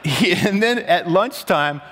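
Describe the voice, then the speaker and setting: A slightly high-voiced man preaches to a crowded room, telling a story with lively energy. He shifts from quiet, low asides to sudden loud, animated bursts as he acts out what others said. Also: slow. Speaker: pastor. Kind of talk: sermon storytelling. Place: large room before an audience.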